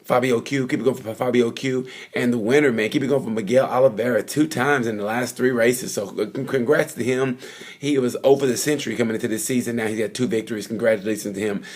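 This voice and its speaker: Husky, rambling motorcycle-fan man. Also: medium pitch, fairly even intonation, quick pace. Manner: rambling, chatty, full of fillers and asides. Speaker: vlogger reviewing motorcycle races. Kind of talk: casual off-the-cuff race recap. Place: at the race circuit.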